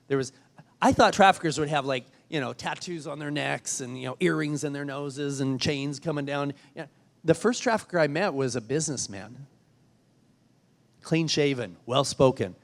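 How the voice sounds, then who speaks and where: A man giving a storytelling keynote speech, earnest and emphatic, often repeating words as he restarts a thought. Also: mid-range voice. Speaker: keynote speaker. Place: large event hall. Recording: long hall reverb.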